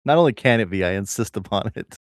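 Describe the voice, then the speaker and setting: A man's voice: on the low side, lively intonation, quick pace, no echo. A man co-hosting a comedy podcast who riffs on jokes with a dry, playful manner. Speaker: podcast co-host. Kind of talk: casual comedy chat.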